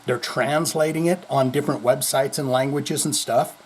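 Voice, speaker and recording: There's a little hiss or hum as this man talks at a moderate pace in a medium-pitched, fairly even voice. Hosting his own heavy metal news podcast from home, he rambles and jokes profanely with sudden loudness swings, while others move things around in the background.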